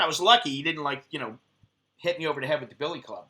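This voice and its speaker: An American man talks on his live stream in a very bright, sharp voice that sits high for a man. His speech is casual and laced with cursing, and he drifts between stories and bursts of acted-out argument. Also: fast talker. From United States. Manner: profane, animated storytelling, acts out heated quotes.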